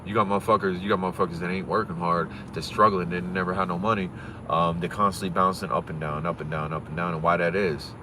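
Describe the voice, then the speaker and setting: A man from Pennsylvania talking fast and profanely on a casual livestream, swaggering and rambling, recorded on a phone outdoors. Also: sits low, fairly even intonation, noisy background.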